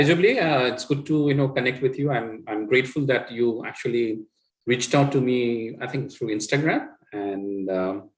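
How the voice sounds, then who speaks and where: An earnest middle-aged man with an Indian English accent gives a motivational coaching talk, often adding "right?" and "you know". His voice sits at an ordinary pitch for a man. The recording carries a noticeable roomy echo. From Assam, India. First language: Assamese. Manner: earnest, with many fillers and tag questions. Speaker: communication coach. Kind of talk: motivational talk answering a question.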